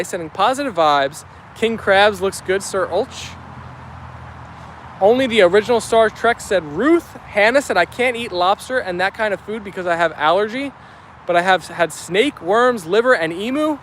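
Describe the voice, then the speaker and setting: A young man with a New York Italian accent chats brightly outdoors, his voice sitting high for a man. He reads comments aloud in an upbeat, easygoing way, full of little fillers. Faint traffic hums behind him. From New Jersey. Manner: chatty, upbeat, many fillers. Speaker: vlogger reading live chat. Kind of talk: casual chat reading comments aloud.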